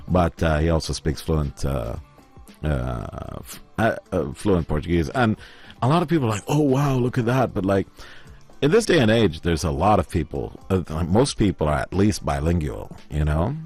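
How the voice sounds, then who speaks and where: A man's voice: very deep voice, lively intonation, moderate pace, darkish tone, husky, faint music behind. A man from Oman who co-hosts a radio show, telling rambling anecdotes in a casual, chatty way with many fillers. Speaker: radio host.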